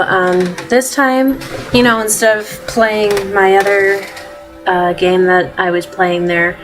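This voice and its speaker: Relaxed woman gamer narrating a first playthrough, unhurried and hesitant, over game music. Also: mid-range voice. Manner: relaxed, hesitant, lots of fillers. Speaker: gamer playing a detective game. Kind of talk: casual let's-play commentary.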